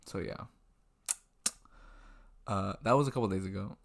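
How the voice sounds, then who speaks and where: Young male vlogger, deep and gravelly, rambling and self-deprecating, webcam at night. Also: moderate pace. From Washington state, US. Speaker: restaurant server telling a work story. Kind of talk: casual storytelling vlog. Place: indoors at a computer, late at night. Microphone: webcam mic.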